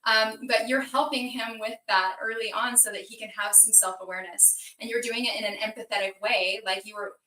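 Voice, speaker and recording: Podcast host woman, bright and forward tone, set back from the mic in a roomy space. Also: on the high side, fairly even intonation, a little fast, few pauses. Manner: encouraging, explanatory. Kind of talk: casual conversation. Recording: echoey room, distant from mic.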